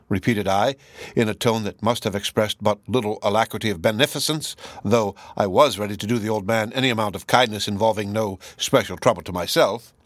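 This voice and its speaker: A man's voice: lowish voice, a little fast, fairly bright tone, no echo. Man reading an old novel aloud. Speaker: audiobook reader. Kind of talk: audiobook narration of a classic novel.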